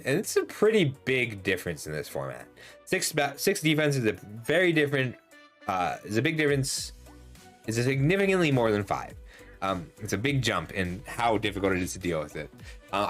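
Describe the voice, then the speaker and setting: Lively-voiced man reviewing game cards. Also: on the low side. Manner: chatty and analytic, with frequent ums and self-corrections. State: slightly losing his voice. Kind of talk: casual card set review.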